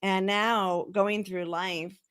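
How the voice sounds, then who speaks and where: A woman hosts a casual talk show over a video call, her voice mid-pitched. She talks in quick bursts and laughs lightly between thoughts. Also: fairly even intonation, fairly bright tone, clear, resonant tone. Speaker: show host. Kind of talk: casual conversation.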